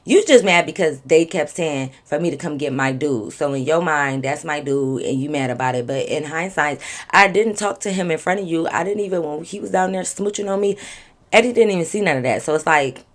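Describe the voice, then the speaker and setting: A woman in her twenties telling a candid, profane story to her viewers in a casual, animated way. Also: sits low, a little fast. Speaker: vlogger.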